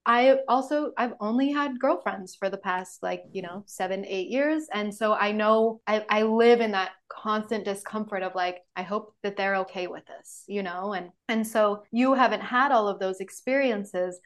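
A woman's voice: mid-range voice, normal speed, hardly any pauses. A young adult woman hosting a podcast, telling stories candidly and animatedly in casual conversation, swearing freely. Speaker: podcast host.

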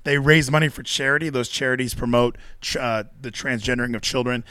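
A man's voice: mid-range voice, fairly even intonation, fairly quick, pushed and bright, clean tone, no echo. A man co-hosting a casual podcast, ranting with sarcasm and mock quotes. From Texas. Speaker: co-host.

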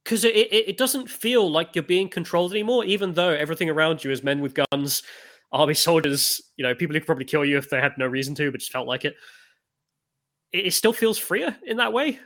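A young man telling stories in a casual conversation, blunt and quick to swear. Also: on the high side. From United Kingdom. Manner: animated storyteller, blunt and swearing.

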